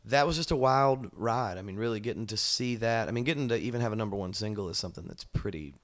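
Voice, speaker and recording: A man, a musician and songwriter, talking about his work in a relaxed, thoughtful way with many fillers. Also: on the low side, quick pace. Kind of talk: casual interview chat. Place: indoor music venue.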